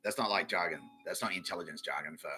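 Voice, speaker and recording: A man's voice: low voice, fast, bright, forceful tone, soft background music, rough recording. A man with an Australian accent hosting a comedy podcast, rambling through a jokey monologue, swearing often and laughing at his own jokes. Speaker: podcast host.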